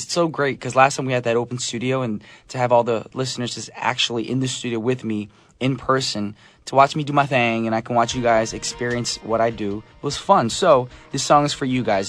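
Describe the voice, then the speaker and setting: A man's voice: mid-range voice, fairly bright tone. A man hosting a casual radio show in a studio, upbeat and jokey, reading out listener messages and chatting with his guest. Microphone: studio microphone.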